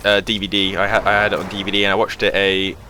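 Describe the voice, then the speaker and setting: Speaking fast in a deep, monotone voice with a sharp edge, a young man rambles through casual commentary on his gaming channel's footage, using lots of fillers. Slight background noise is present.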